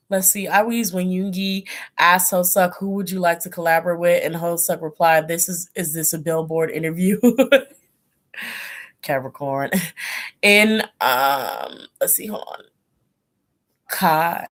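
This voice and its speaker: Chatty animated woman livestream host. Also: medium pitch. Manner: animated, laughing, chatty storytelling. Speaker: tarot channel host. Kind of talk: casual livestream chat.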